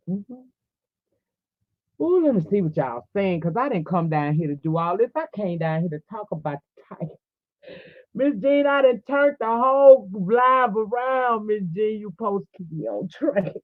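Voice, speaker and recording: A woman's voice: on the low side, no room sound. Fervent preachy woman on tinny audio. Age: 40s. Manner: fervent, preachy, addresses viewers directly. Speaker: livestream host. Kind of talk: preaching livestream talk. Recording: tinny phone-like audio, dry.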